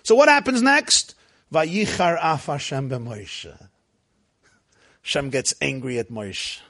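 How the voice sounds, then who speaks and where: A man. He acts out the dialogue himself and swings into sudden loud outbursts. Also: fairly high pitch, expressive, slow. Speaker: rabbi. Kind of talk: sermon.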